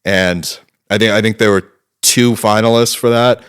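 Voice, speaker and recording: This is a man in his thirties with a deep, low-set voice. He talks as a guest in a relaxed interview, rambling through anecdotes with plenty of fillers. His speech is casual and peppered with profanity. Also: normal speed, smooth.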